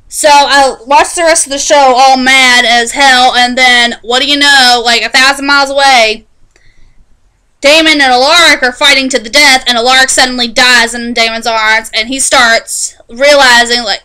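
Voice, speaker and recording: Woman, casual episode recap, chatty and animated, smooth clear voice. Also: a little high, rough recording. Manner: chatty, animated storytelling with quick restarts. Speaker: TV show reviewer.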